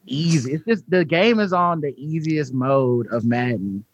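A man's voice: fairly high pitch, animated, a little slow, breathy edge, dry recording, muffled recording. A man talking animatedly and profanely on a podcast. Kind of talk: casual podcast banter.

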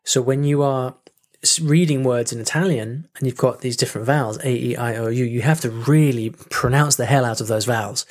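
A man speaking as a language coach in a casual teaching talk, lively, saying sounds aloud to demonstrate them and often restarting his phrases. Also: medium pitch, a little fast. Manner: restarts and repeats words often.

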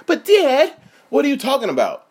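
A man's voice: very high voice, wildly swooping pitch, moderate pace, darkish tone, voice pushed up, heavily acted. A man voicing a young male lion cub as a whiny, drawling surfer boy.

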